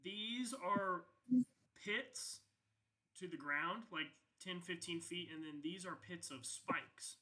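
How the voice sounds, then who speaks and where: Lockerer junger Mann als Spielleiter, hell. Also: male voice, high voice, slow, pushed and bright, low-quality recording. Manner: casual, rambling with many fillers and profanity. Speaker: game master. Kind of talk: narrating a tabletop game.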